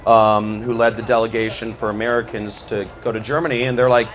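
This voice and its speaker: A man's voice: on the low side, little pitch movement, fairly quick. A man giving a loose, rambling talk, full of fillers and restarts. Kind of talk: casual spoken talk on history.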